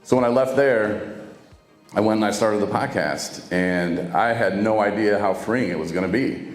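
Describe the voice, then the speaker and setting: Casual low-voiced man in an echoey hall. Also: moderate pace. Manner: casual, conversational, acts out quoted dialogue. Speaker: podcaster telling his recovery story. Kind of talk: personal storytelling to camera. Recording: echoey room with long reverb and faint music.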